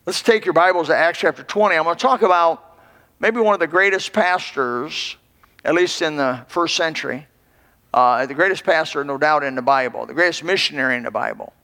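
A man's voice: on the high side, a little fast, bright, forceful tone. A man in his sixties, a pastor giving a folksy, rambling sermon full of restarts. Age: 60s. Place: church. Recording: long hall reverb.

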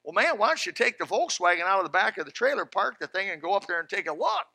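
A man preaching a sermon in a folksy, fervent way, dropping to a hush and then rising loud. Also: high-pitched, very animated, fast talker, no echo. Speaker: pastor.

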